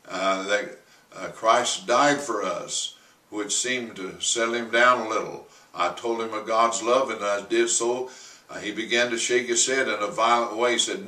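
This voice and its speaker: A man, a pastor, telling a testimony story in a halting way with many fillers, sometimes rising to forceful quoted commands. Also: fairly low pitch, fairly even intonation. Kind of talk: testimony sermon. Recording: roomy, from a distance.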